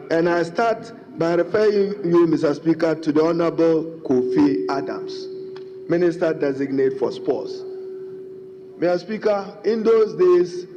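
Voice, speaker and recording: A man's voice: on the high side, warm tone, a little hiss or hum. A middle-aged man with a Ghanaian accent, a member of parliament giving a formal, emphatic debate speech and repeatedly addressing the Speaker. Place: large parliament chamber. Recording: dull reverberant chamber broadcast.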